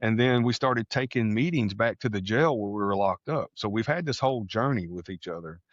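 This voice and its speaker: A man from Texas telling a personal story on a podcast, animated, acting out the voices of people he quotes. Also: on the low side, a little fast, no echo, lo-fi sound. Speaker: podcast guest. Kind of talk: casual storytelling.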